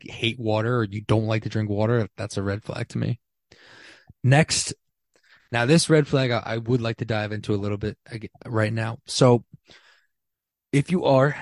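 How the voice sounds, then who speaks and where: A man's voice: mid-range voice, no echo, studio quality. Blunt, slangy young man on a podcast. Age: 20s. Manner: blunt, slangy and emphatic, with frequent restarts. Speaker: podcast host. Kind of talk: casual solo podcast chat. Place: small apartment.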